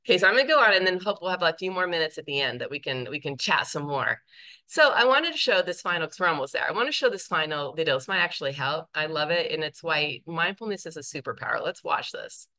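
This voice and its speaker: Low, bright-voiced emphatic woman presenter. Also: animated, quick pace. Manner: emphatic, repeats key points, checks in with the audience. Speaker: workshop presenter, teaching professor. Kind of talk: live workshop talk.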